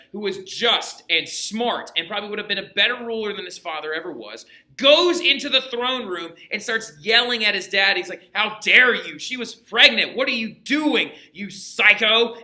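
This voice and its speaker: A man lecturing on history to his class, animated and chatty, often checking in with his students. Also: sits high, echoey room. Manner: animated, chatty, many asides and rhetorical checks. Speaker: history teacher.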